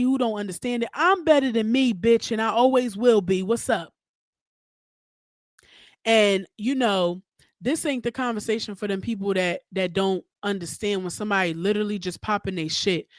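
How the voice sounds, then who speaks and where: A woman hosting her own podcast, ranting in a casual, profane, animated way straight to her listeners. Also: mid-range voice, dry recording, clean studio sound. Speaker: podcast host. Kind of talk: casual solo podcast rant.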